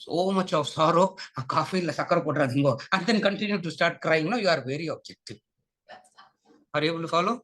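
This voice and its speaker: A man's voice: fairly high pitch, fast talker, fairly bright tone. A man with a Tamil English accent teaching a spiritual lecture class, repeating his points and often asking the class whether they follow, slipping Tamil phrases into his English. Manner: repetitive, questioning, mixes Tamil into English.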